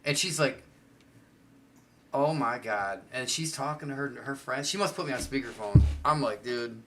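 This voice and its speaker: A man's voice: mid-range voice, normal speed, soft background music. A middle-aged man hosting a podcast, telling a crude story in casual chat and acting out the people in it. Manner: crude, animated storyteller who acts out quotes. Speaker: podcast host.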